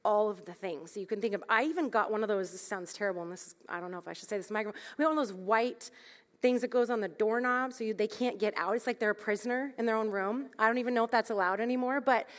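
A woman's voice: medium pitch, quick pace. A woman in her thirties telling a candid, self-deprecating parenting story as part of a sermon, laughing at herself as she goes. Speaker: speaker at a church gathering. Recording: long hall reverb.

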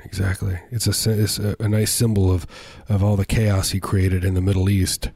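A man co-hosting a comedy podcast in casual banter, rambling and stammering, cracking deadpan jokes. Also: deep voice, moderate pace, creaky, husky, dry recording. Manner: rambling, stammering, jokey, slips into silly voices. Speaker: podcast co-host.

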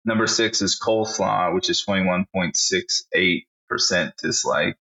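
A man's voice: low voice, unhurried, vocal fry, sharp tone, muffled recording. A man co-hosting a casual podcast, blunt and profane, reading out a ranked list with running commentary. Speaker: podcast co-host.

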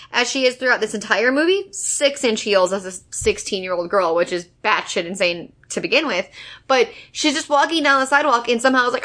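A woman's voice: fairly high pitch, pushed and bright. A woman co-hosting a podcast, critiquing a movie in casual chat with exasperated, incredulous remarks and plenty of swearing. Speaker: podcast co-host.

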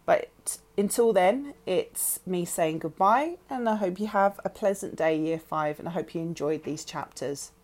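A woman, a teacher reading chapters of a novel aloud to her class with expressive storytelling. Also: on the low side, measured pace, few pauses.

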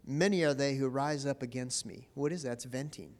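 Here a pastor gives a sermon in a conversational manner, regularly questioning the congregation and repeating words as he moves along. He is a man with a brisk, mid-range voice.

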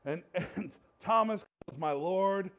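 A man preaching a sermon in a lively, repetitive way, stumbling over words and acting out the people he quotes. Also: sits high, takes it slowly, highs cut off. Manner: animated, repeats himself, acts out quotes. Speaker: pastor. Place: church hall with slides.

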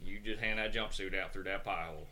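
A man voicing a gruff, blunt backwoods prison sergeant who drawls deadpan orders. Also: deep voice, fast talker, a little hiss or hum.

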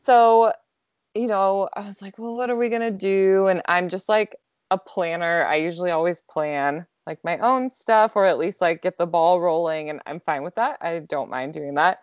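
Young woman, chatty storyteller, lowish voice, dry muffled recording. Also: normal speed, dry recording. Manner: chatty, lots of "like" fillers, laughs often. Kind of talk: casual storytelling chat.

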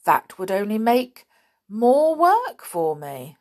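A little muddled village woman from a storybook answers in a plain, matter-of-fact way, slow and lifting, as a woman reads her part. Her voice moves up and down with an unhurried lilt. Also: medium pitch, sing-song, a little mellow, pitched above the performer's own voice. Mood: puzzled. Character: small muddled female villager doing washing.

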